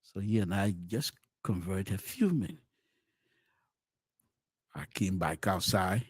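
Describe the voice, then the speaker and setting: A middle-aged man tells his story into a close mic, his pitch leaping and dropping as he goes. He stumbles into restarts and repeats, then bursts out loud before sinking back to a murmur. The sound is dry and near. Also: slow, slightly rough, no room sound. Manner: animated, swings between loud exclamations and low murmurs; frequent restarts and repeated words. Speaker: podcast host. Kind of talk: storytelling commentary.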